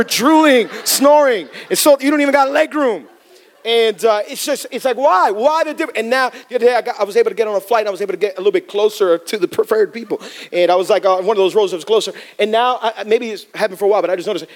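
A man preaching to a congregation as pastor, telling funny stories in an animated way. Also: very high voice, fast. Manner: humorous, animated storytelling to a congregation. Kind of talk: sermon. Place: church in front of a congregation.

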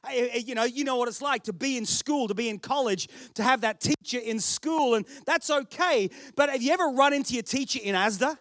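Male pastor, Australian accent, very high voice, story-driven sermon with self-mocking jokes. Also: a little fast, few pauses, a bit bright, no room sound, clean studio sound. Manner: chatty storytelling with self-deprecating humour.

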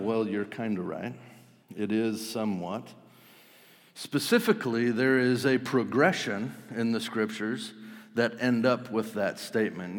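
A man who is a pastor preaching a sermon to his congregation in a relaxed, conversational way, leaning hard on key phrases and slowing down for scripture. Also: on the low side, big-room sound. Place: church sanctuary.

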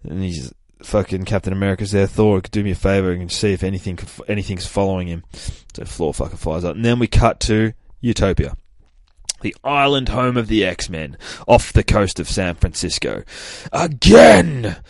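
Deep-voiced, foul-mouthed man recapping comics. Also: moderate pace, dry recording. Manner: profane, rambling, swears constantly. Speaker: comic podcast host. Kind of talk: casual comic book recap.

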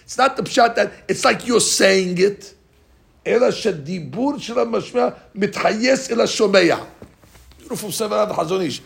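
Gravelly-voiced rabbi teaching a class. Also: male voice, high-pitched. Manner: animated, questioning the class, reads Hebrew text fast. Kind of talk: Talmudic lesson, mixing English and Hebrew.

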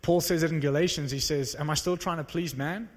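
A young preacher from South Africa delivers a sermon and tells his story with animated energy, his voice climbing into excited exclamations. His voice sits a touch high for a man. The sound rings with a long reverb from a large hall. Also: fairly quick. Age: young adult. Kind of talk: sermon with personal testimony.

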